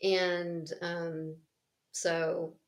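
A woman casually retelling a story in a rambling, animated way, laughing often and acting out the voices. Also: fairly low pitch, drawn-out words. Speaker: podcast co-host.

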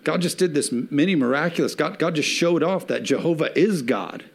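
A male pastor preaching a sermon with emphatic swells and slowed, stressed phrases, a father of young children. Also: fairly high pitch, expressive, creaky.

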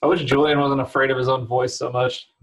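A man's voice: medium pitch, level tone, a little fast, fairly bright tone, poor audio. A man from San Francisco chatting as a podcast guest, telling rambling stories with many fillers and laughs. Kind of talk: casual chat.

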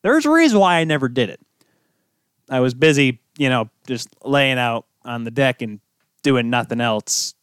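A man's voice: mid-range voice, animated, normal speed, fairly bright tone, clear, resonant tone, no echo, clean studio sound. Rambling young man hosting sports talk. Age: young adult. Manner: rambling, self-interrupting, jokey asides. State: tired from little sleep. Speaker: podcast host. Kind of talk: casual solo sports talk.

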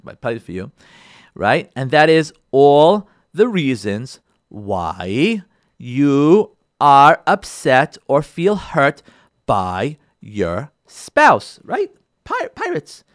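A man's voice: fairly high pitch, dry recording. A man, a rabbi, giving a recorded class on marriage, speaking into a studio microphone and acting out what spouses say to each other. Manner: animated, acts out spouses' lines.

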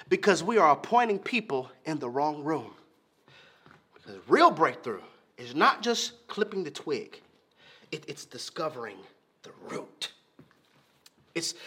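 A man preaching a sermon to his congregation, emphatic, repeating key lines and asking if they hear him, with a slightly husky voice. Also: high voice, sharp tone. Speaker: pastor. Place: church.

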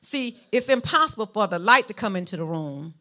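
Animated Southern woman preaching a sermon. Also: a little fast. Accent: Southern US (Alabama). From Mount Vernon, Alabama, US. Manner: animated preaching with a lively pitch, rising to emphatic peaks; folksy, speaks directly to the congregation.

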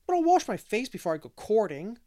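A man's voice: a little high, very animated, moderate pace, a little mellow. A man doing a chatty, curious little boy. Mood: eager. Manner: rambling, eager, questioning.

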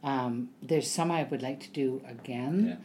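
A woman's voice: a bass voice, unhurried, background noise. A woman actor chatting as an interview guest, telling stories with many ums and acting out what people said. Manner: chatty storyteller with frequent ums, acts out quotes. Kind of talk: casual interview chat.

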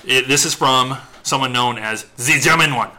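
A man's voice: mid-range voice, moderate pace, sharp tone. A man hosting a podcast, chatting casually and teasing, laughing often. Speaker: podcast host. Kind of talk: casual comedic banter.

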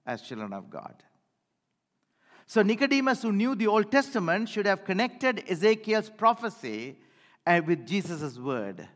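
A man preaching a sermon to his church, with dramatic pauses and phrases that fall away at the end. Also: sits high. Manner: animated preaching with dramatic pauses and falling endings. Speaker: pastor. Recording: long hall reverb.

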